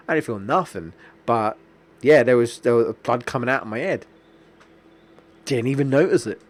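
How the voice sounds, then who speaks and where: A young man, streaming a video game and telling a long rambling story with lots of restarts. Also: mid-range voice. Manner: rambling, anecdotal, many restarts and fillers. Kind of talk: casual gameplay commentary.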